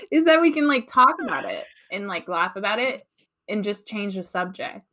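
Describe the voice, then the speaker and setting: Woman, podcast co-host, casual, giggly, bright, animated. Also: mid-range voice, takes it slowly. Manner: giggly, lively storyteller. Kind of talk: casual chat.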